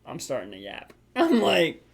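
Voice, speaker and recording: A man's voice: fairly high pitch, wildly swooping pitch, measured pace, vocal fry, breathy edge. A young man co-hosting a podcast, telling a frustrated story about work in a rambling, casual way full of filler words. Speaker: podcast co-host.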